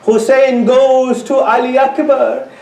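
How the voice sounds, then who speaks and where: A man delivering a slow, lamenting mourning sermon, his voice swelling with emotion as he narrates. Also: very high-pitched, flat delivery, creaky, darkish tone. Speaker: speaker giving a Muharram mourning sermon. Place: mosque or community center hall. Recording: echoey room heard from a distance.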